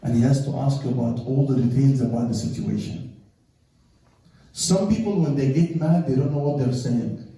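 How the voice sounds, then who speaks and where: Animated male lecturer in an echoey hall. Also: mid-range voice, normal speed. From Egypt. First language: Arabic. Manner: animated storytelling, acting out quoted voices. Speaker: Islamic lecturer. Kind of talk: religious lecture to an audience. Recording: echoey hall, mic from far off.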